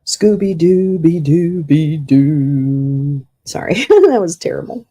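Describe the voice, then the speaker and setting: A woman hosting a casual livestream in an unhurried, mellow voice. She rambles, hums little tunes under her breath and swears freely as she talks to her chat. She sounds easily flustered and confused while she searches. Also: mid-range voice, expressive. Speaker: livestream host.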